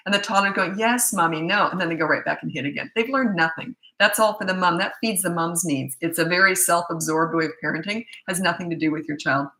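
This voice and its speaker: A woman's voice: lowish voice, fast, few pauses, pushed and bright, echoey room. A middle-aged woman parenting coach giving blunt, chatty advice and telling stories from her own family life. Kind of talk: casual advice talk.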